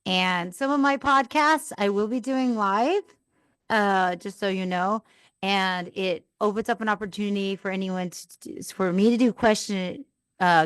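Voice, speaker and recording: A woman's voice: medium pitch, smooth, no echo. A woman hosting a live podcast, telling an earnest, rambling personal story as a mom. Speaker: podcast host.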